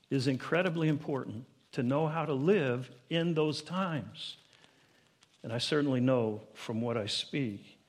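A man preaching a sermon to his congregation, building to emphatic, higher-pitched peaks and asking them questions directly. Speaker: pastor.

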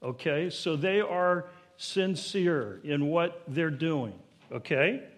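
A man preaching a sermon to his congregation, building to emphatic, higher-pitched peaks and asking them questions directly. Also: expressive, slow pace. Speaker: pastor.

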